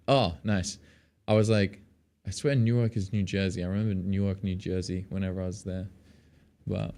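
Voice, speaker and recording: A man who teaches guitar online, chatting playfully with viewers during a live feedback session. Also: fairly low pitch. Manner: playful, chatty, reacts to chat messages. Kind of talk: casual live-stream chat with viewers. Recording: loud guitar music under the voice. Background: loud guitar music.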